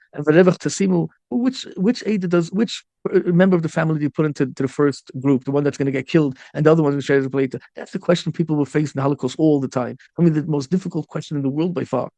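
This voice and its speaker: A man's voice: fairly high pitch, fast, vocal fry, mellow, dry recording. A man, a rabbi, telling a story in a sermon with passion, repeating and restarting his phrases and mixing in Hebrew and Yiddish terms.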